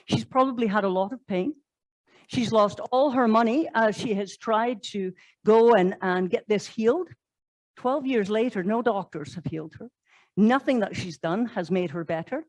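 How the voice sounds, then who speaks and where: A woman's voice: mid-range voice, normal speed, darkish tone, dry recording, low-quality recording. A woman pastor, preaching a sermon in a conversational way, telling stories and asking rhetorical questions. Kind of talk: sermon storytelling. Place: church.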